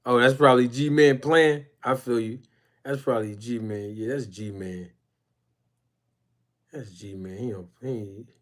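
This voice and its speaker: A man hosting a casual boxing live stream, rambling and emphatic as he shouts out chat viewers by name. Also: medium pitch, steady tone, takes it slowly, long pauses. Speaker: boxing YouTube channel host.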